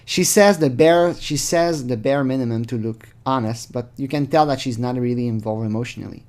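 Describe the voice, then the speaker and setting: A man's voice: medium pitch, brisk, darkish tone. A man hosting his channel, giving rambling, sarcastic casual commentary full of fillers. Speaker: channel host. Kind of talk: casual commentary reading chat logs.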